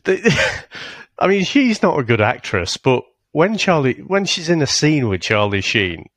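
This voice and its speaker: A man's voice: on the high side, sing-song, a little slow, a bit bright, no room sound. A man co-hosting a podcast, chatting casually and rambling about a film, swearing and laughing often. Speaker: podcast co-host. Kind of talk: casual film-review chat.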